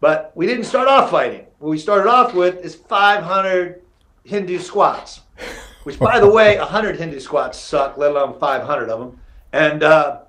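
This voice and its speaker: A middle-aged man with a drawl tells old fight stories as a podcast guest. His voice sits slightly high, and he acts out each quote with gusto, cursing casually along the way. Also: unhurried. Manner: animated storyteller who acts out quotes, swears casually. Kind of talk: casual storytelling interview.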